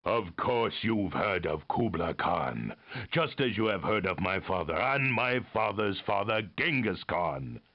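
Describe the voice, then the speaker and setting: A man's voice: low-pitched, lively intonation, unhurried, highs cut off, exaggerated voice. An actor playing a pompous, haughty male emperor in a video game, speaking in a grandiose, commanding way.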